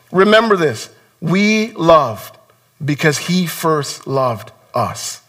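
High, bright-voiced man preaching a sermon. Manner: earnest, exhorting, repeats words when stressing a point. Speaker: pastor. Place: church sanctuary.

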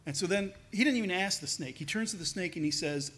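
A man's voice: fast talker, hardly any pauses, fairly bright tone, husky. A man preaching a sermon in a casual, conversational way, dropping his voice to act out quoted speakers. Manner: conversational, acts out quoted voices with lowered pitch. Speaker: pastor.

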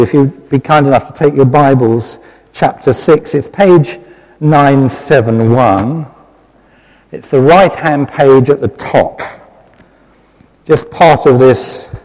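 A man's voice: mid-range voice, takes it slowly, a little mellow. British man preaching in a reverberant church. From Britain. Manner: conversational, self-deprecating, with many fillers. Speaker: lay preacher. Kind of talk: sermon. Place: church hall with long reverb.

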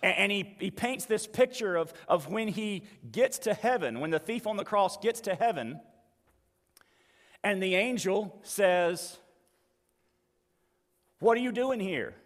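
A male pastor preaches in an easy, conversational way, pressing his points with emphasis and dropping in folksy asides. His voice sits a bit high for a man. The sound carries a long reverb, as if picked up in a large hall. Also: animated, measured pace, fairly bright tone. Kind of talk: sermon.

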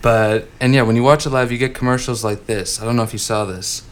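A man's voice: mid-range voice, steady tone, fast, slight background noise. A man co-hosting a casual podcast chat, loose and giggly with lots of fillers. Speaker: podcast co-host.

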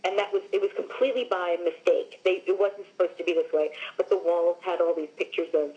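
A warm, lowish, steady-toned female voice comes through a muffled recording, moving a little fast. The speaker, an actress from Long Island, New York, is a guest in a casual interview, animatedly telling stories peppered with "like" and "you know."

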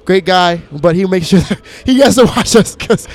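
Guy from minneapolis with a high voice, loose swear-heavy storyteller, laughs a lot. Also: normal speed. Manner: animated storyteller, swears freely, laughs often. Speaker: DJ and producer, guest. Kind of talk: casual interview chat.

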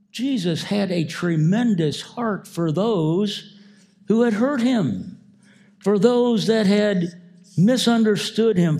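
Male pastor, sermon delivery, unhurried and warm-toned. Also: high voice. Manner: slow, emphatic preaching with repeated phrases.

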